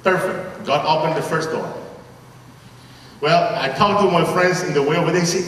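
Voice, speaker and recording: A Puerto Rican man with a Spanish accent, a priest preaching to young people, his voice pitched fairly high and full of playful storytelling. He is heard from far off in a big, booming arena with long reverb and a faint hiss. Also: normal speed, long pauses. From Puerto Rico. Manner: animated, playful storytelling with acted-out dialogue. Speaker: priest giving a homily. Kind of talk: storytelling sermon to a youth conference. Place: large arena.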